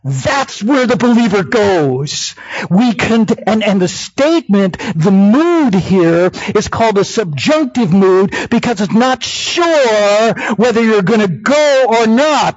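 A man preaching a sermon, swinging from hushed near-whispers to raised, emphatic cries. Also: sits high, no echo. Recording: dull lo-fi dry sound.

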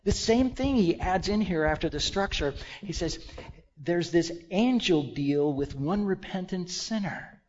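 A man preaching a sermon, leading the congregation in call-and-response and swinging between loud exclamations and hushed asides. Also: high-pitched, expressive, unhurried, muffled recording.

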